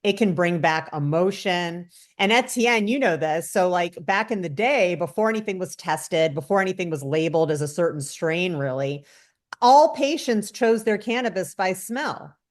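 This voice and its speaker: A woman's voice: fairly low pitch, expressive, normal speed. A woman guest on a casual podcast, explaining things and quoting others with animation. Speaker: guest cannabis educator.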